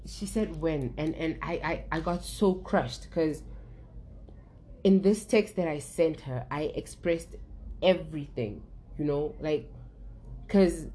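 A young woman with a notably low voice speaks in a casual, candid conversation. She talks openly and emotionally, swears freely, and often restarts her sentences mid-thought. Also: takes it slowly, long pauses, mellow, low-quality recording. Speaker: guest sharing her story.

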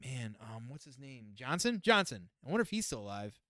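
Guy cohosting a podcast, jokey and rambly, smooth voice, dry studio sound. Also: medium pitch, big pitch swings, a little fast, sharp tone, no echo. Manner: joking, rambling, swears. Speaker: podcast co-host. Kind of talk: casual chat.

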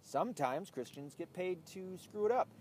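A man's voice: sits high, animated, moderate pace, darkish tone. A man hosting his own show, ranting bluntly and profanely in casual talk while he drives a car. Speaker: podcast host. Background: faint vehicle noise.

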